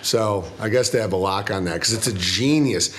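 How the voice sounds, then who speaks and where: A male comedian guest telling profane, animated stories in casual interview chat, laughing often. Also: lowish voice, moderate pace.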